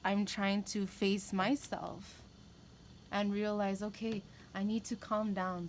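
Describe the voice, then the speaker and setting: A woman's voice: mid-range voice, a little hiss or hum, rough recording. Candid rambling woman tarot reader. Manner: candid, rambling, with emphatic repetition. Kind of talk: casual spiritual talk to camera.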